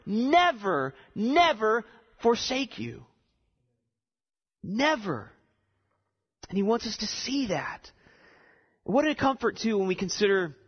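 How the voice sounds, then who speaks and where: A man with a high, husky voice preaches a sermon, unpacking a text and building toward emphatic, repeated lines. The sound is dull, with a long reverb from the hall.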